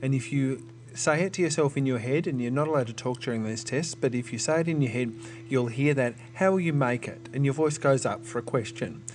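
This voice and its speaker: A man's voice: mid-range voice, a little fast, darkish tone, a little hiss or hum. A man, a teacher patiently explaining test strategies to students and thinking aloud with small restarts.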